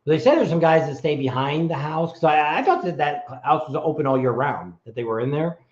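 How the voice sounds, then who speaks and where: A man's voice: on the high side, brisk, darkish tone. Middle-aged guy rambling on a live stream, restarts a lot, echoey room, kinda muffled. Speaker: co-host of a motorcycle travel channel. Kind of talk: casual live-stream chat. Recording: roomy, dull lo-fi sound.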